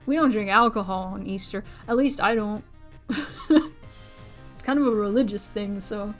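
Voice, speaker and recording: Faint music sits behind a young woman streaming to her viewers at a measured pace. She drifts loosely between thoughts and jumps into a squeaky, high-pitched voice whenever she quotes someone.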